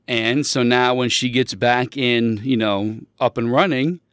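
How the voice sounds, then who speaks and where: A man of middling pitch hosts a casual show and tells a long, rambling story. He stops to fix his own words and gets emphatic when he makes his point. The recording is dry, with no room sound. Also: a little slow, smooth, no echo. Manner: rambling, self-correcting; animated, emphatic when riled up.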